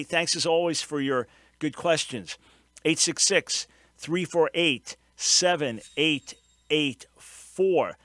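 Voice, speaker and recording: A man's voice: mid-range voice, fairly bright tone, dry recording. A man hosting a call-in radio show, explaining with earnest emphasis and taking callers.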